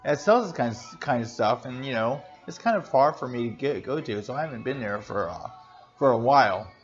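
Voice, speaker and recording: A man co-hosting a casual chat in a coffee shop, talking haltingly with many restarts and repeated words. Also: medium pitch, expressive. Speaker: co-host. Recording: dull lo-fi sound, faint music.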